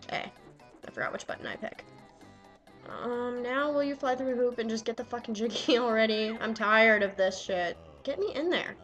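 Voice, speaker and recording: A young woman swearing and yelling excitedly at the game she plays while commenting. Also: on the high side, normal speed, muffled recording, faint music behind. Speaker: let's player. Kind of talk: casual gameplay commentary.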